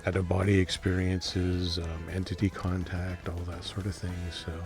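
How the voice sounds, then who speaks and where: A man with a drawl talks through his dreams in a loose, hesitant monologue, chuckling softly as he goes. His voice sits a little low. Faint music plays underneath. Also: monotone, normal speed. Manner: rambling, hesitant, with soft laughs. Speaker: dream vlogger. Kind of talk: casual monologue to camera.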